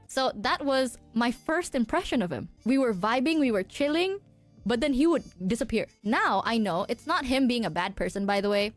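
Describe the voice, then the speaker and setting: A young woman streaming, chatting casually, telling a story in an animated way, acting out quotes and swearing freely. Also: high-pitched, normal speed, faint music behind. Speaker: VTuber streamer.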